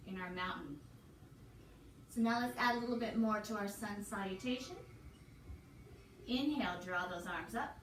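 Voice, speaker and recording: A woman leading a yoga class, calmly counting breaths and cueing each pose. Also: on the high side, distant mic, a little hiss or hum. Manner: calm, counts breaths and cues poses. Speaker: yoga instructor. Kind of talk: guided yoga class instruction. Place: hotel room. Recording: echoey room, voice from afar, music behind.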